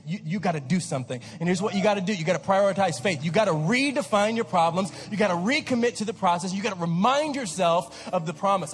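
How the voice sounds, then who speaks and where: A high-voiced man preaching with fervor, his repeated refrains ringing out into the long reverb of a big hall. Soft guitar plays underneath, and now and then he builds to a shout. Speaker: pastor. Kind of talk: sermon.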